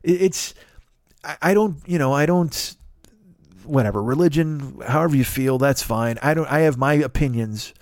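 A man's voice: on the high side, normal speed, a little mellow, no room sound, studio quality. A man hosting a podcast, delivering an exasperated, profane comedic rant and swearing constantly. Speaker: podcast host.

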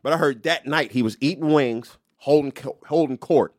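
A man hosting a casual podcast chat, telling stories in an animated way and slipping into voice impressions. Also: medium pitch, moderate pace, no room sound, clean studio sound. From moved to New York as a young comic. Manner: animated storyteller, lively voice impressions. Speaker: podcast host.

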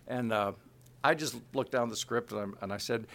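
A man in his sixties from Kansas City, telling animated stories as an interview guest. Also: fairly low pitch, a little fast, creaky. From Kansas City, USA. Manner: animated, acts out quotes, laughs. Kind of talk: anecdotal storytelling.

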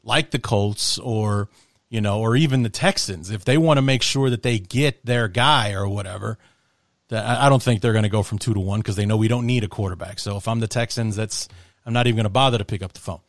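A man's voice: fairly low pitch, a little fast, no echo. Male host, casual sports chat, restarts often, dry close mic. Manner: rambling, with many restarts and laughs. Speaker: podcast host.

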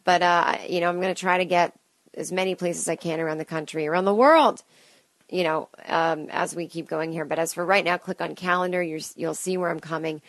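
Brisk and fairly low-pitched, with mostly even intonation, this woman's voice is recorded dry. In her late thirties, the comedian hosts a solo podcast from home on a close studio mic, wandering from thought to thought, poking fun at herself and adding chatty asides.

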